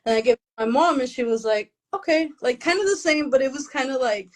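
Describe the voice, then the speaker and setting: Chatty woman, high voice, laughing. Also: fast, a little mellow, low-quality recording. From Mexican family, raised in the US. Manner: chatty, self-deprecating, laughs often, slips into Spanish phrases. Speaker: author, interview guest. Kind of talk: casual interview chat.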